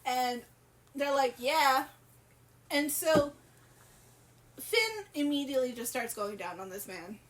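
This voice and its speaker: A woman's voice: high-pitched, animated, a little slow, long pauses. A woman co-hosting a podcast, telling a story in a giggly, profane, rambling way. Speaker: podcast co-host. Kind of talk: casual storytelling chat.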